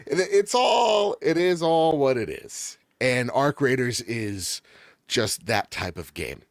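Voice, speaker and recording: A man's voice: mid-range voice, expressive, takes it slowly, gravelly, dry recording, studio quality. A man co-hosting a gaming show in casual chat, enthusiastic and jokey, rambling as he raves about games. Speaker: gaming podcast co-host.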